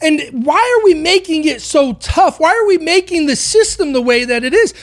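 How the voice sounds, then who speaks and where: A woman's voice: sits high, animated, normal speed. A woman hosting a podcast, delivering an impassioned opinion monologue full of rhetorical questions. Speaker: podcast host.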